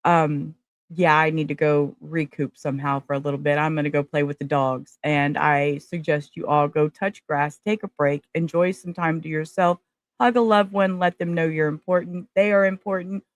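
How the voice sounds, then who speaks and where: A woman's voice: sits low, steady tone, normal speed, dry recording. A woman hosting a casual livestream, talking emotionally and straight to her viewers. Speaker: livestream host.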